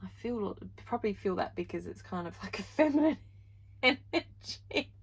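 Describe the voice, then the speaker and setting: Gravelly-voiced woman doing a heartfelt tarot reading. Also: mid-range voice, fairly quick, a little mellow, low-quality recording. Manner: gushing, heartfelt, uses "like" and "you know" a lot. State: moved, near tears. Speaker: tarot reader. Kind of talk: pick-a-card tarot reading.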